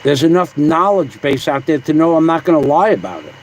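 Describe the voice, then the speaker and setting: A man's voice: a little high, big pitch swings, brisk, rough recording. A man hosting a casual livestream, rambling and combative as he reads viewer comments aloud. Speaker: livestream host.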